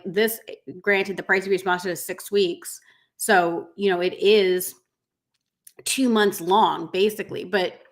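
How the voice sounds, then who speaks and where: A middle-aged woman business coach talking live to her viewers, rambling with many fillers, emotional and close to tears. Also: medium pitch. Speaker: business coach for pet groomers. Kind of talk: live-streamed coaching talk.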